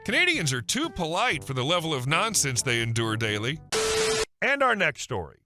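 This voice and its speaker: A man's voice: on the high side, normal speed, faint music behind. A man reading online stories aloud in a polished, scripted narration style with no fillers. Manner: even, polished read with no fillers. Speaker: story narrator.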